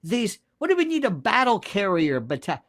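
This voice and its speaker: A man's voice: sits high, wildly swooping pitch, normal speed, fairly bright tone. A man from the United States speaking as a guest commentator, ranting emphatically and sarcastically, jumping from topic to topic. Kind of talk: animated political rant.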